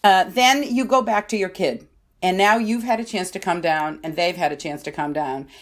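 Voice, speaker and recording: A middle-aged woman, a parenting expert, speaking as a guest in a conversational interview. She talks in an animated way and acts out what parents and kids say. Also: on the low side, normal speed.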